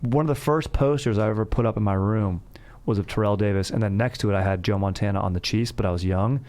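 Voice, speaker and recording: Rambling, jokey low-voiced man. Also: fast, darkish tone. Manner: jokey, rambling, laughs often. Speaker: podcast host. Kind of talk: casual sports podcast chat.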